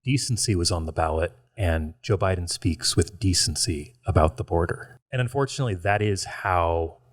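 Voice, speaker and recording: Man, podcast guest, low pitch, dry sound, measured, argumentative. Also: dry recording. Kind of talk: casual podcast conversation.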